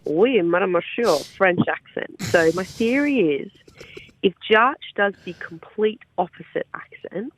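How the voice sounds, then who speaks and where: A man's voice: high voice, animated, a little slow, a bit bright. A man calling in to a podcast to share a jokey theory. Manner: chatty, jokey. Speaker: caller. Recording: dull phone line.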